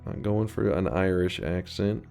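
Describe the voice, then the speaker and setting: A man's voice: low voice, measured pace, gravelly, dark tone, faint music behind. A man giving casual gameplay commentary as a streamer, rambling, thinking aloud and answering chat.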